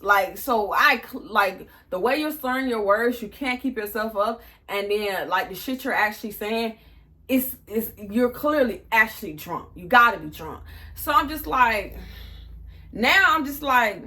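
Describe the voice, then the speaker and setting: Young female vlogger, twenties, crisp bright tone, casual profane storytelling. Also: a little high, moderate pace. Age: 20s. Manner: animated, profane, acts out quotes.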